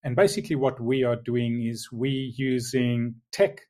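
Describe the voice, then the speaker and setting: A middle-aged man with a South African accent, speaking as a guest on a remote interview and explaining things in a measured way. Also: mid-range voice, steady tone, dark tone. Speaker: guest, logistics executive.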